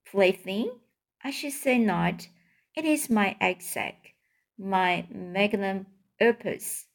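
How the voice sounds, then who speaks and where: A woman voicing a wise, tired female spider who speaks softly and weakly in a storybook reading. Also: medium pitch, takes it slowly, gravelly. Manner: soft, weak and quiet.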